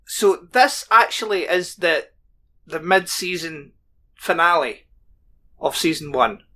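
A man's voice: a little high, animated, slow pace, sharp tone. A man co-hosting a casual podcast, chatting about a TV show and reading plot summaries aloud. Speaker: podcast co-host. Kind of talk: casual chat.

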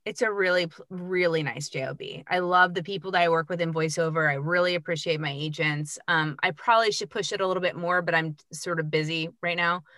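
A woman's voice: on the low side, steady tone, a little fast, few pauses, bright, forceful tone, no room sound. A woman guest on a podcast, chatting bubbly and freely about her voiceover work. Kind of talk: casual chat.

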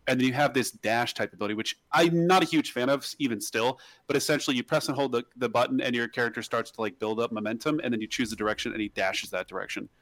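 Guy rambling fast on a podcast, dry close sound. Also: mid-range voice, a bit bright, dry recording. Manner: rambling, with many restarts and fillers. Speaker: podcast host. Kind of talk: casual podcast chat.

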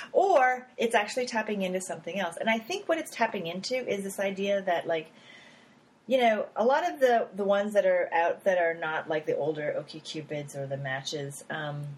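A woman's voice: mid-range voice, moderate pace, low-quality recording. Woman app founder chatting in an interview, voice jumps all over, laughs a lot, lots of um and like. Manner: animated, laughing, many fillers and quoted asides. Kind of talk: casual interview chat.

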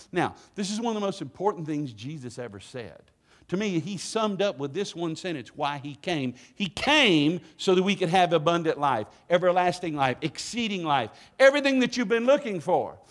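Middle-aged guy preaching, lively swinging voice, kinda high, jokey and calls out to the crowd. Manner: playful, call-and-response with congregation. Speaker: guest preacher. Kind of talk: sermon. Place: church sanctuary.

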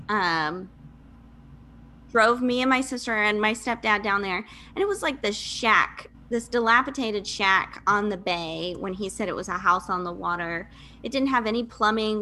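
A woman's voice: medium pitch, bright, forceful tone. A woman in her thirties from Michigan, a podcast guest telling her life story candidly in casual, chatty talk with fillers and laughs. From Michigan, USA.

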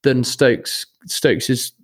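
A man's voice: medium pitch, steady tone, extremely slow, slightly rough. A young man co-hosting a podcast, stammering and repeating words in casual chat. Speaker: podcast co-host.

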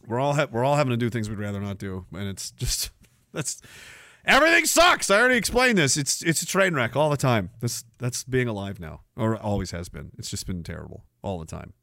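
A man's voice: lowish voice, lively intonation, brisk, vocal fry, dry recording, studio quality. A man hosting a live stream podcast, ranting sarcastically and acting out quoted voices. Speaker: podcast host.

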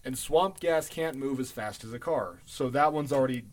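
A man's voice: mid-range voice, normal speed, a little hiss or hum. A man co-hosting a podcast in casual chat, offhand and profane, tossing off dismissive asides. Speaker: podcast co-host.

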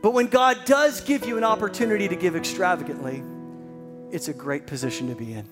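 A pastor telling a personal story in a sermon, building to excited emphasis. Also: male voice, high voice, brisk, over loud music.

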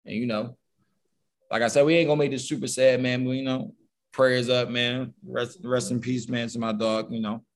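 A man's voice: medium pitch, little pitch movement, normal speed. A man hosting a podcast, talking in a loose, slangy, sincere way. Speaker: podcast host. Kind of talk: casual podcast chat.

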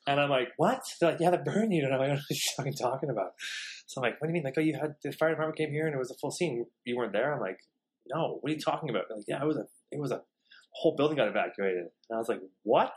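Fast-talking profane man telling stories. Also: mid-range voice. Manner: fast, profane, animated storytelling. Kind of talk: casual storytelling chat.

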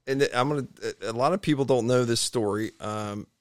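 A man, a triathlete guest, telling his stories in a rambling, animated way in a home garage. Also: medium pitch, fairly quick, dry recording, studio quality. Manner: rambling, animated storytelling with restarts. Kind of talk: casual storytelling interview.

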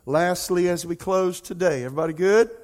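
A man preaching a sermon, telling a personal story and using lots of repeated words. He rises to pleading, near-tearful cries, then drops to soft, quiet asides. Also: high-pitched, a little fast. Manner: emotional storytelling, rising to near-crying pleas; conversational, repeats words, addresses congregation as y'all. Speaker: pastor.

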